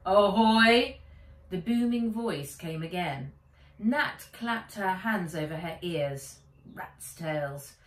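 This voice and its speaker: A woman author reading her children's book aloud in an expressive, animated way, recording in a small shed. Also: on the low side, takes it slowly. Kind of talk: storybook read-aloud. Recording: echoey room, mic a bit distant.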